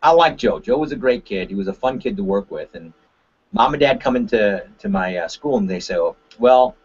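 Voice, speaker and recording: A man from Korea, a martial arts instructor, giving an animated webinar talk on a call and tagging his points with "right?". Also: on the low side, fairly quick, husky. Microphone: conference call line. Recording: dull lo-fi call audio.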